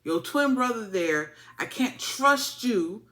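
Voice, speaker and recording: A woman's voice: on the high side, expressive, slow, a bit bright. A woman voicing a pushy male knight who goads and accuses a prince. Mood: goading. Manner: goading, accusing.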